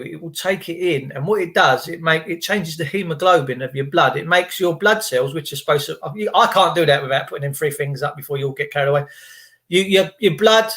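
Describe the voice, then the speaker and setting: Rambling vlogger, high for a man, cheeky asides, swings between quiet mutters and loud emphasis. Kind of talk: rambling monologue to camera.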